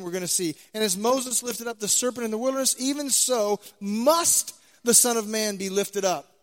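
A man delivers an emphatic sermon, driving points home by repeating key phrases. His voice sits very high for a man, and it swings from loud declarations to hushed low endings. A long reverb trails behind his words, as in a large hall. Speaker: preacher.

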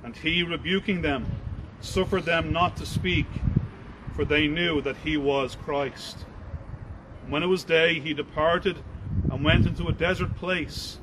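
A man, a preacher, reading scripture aloud in a measured, formal way and then starting his sermon. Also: a little high, noisy background.

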